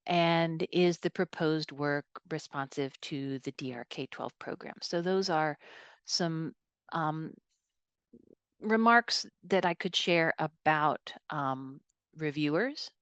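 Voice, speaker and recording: A woman program officer giving a webinar presentation, speaking in a measured, thoughtful way with frequent fillers. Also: deep voice, clear, resonant tone, no room sound.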